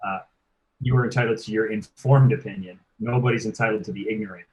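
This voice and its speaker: A man who directs fitness performance work, speaking as a podcast guest and explaining his views in an earnest, measured way. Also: lowish voice, steady tone, a little mellow, rough recording. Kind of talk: casual podcast chat.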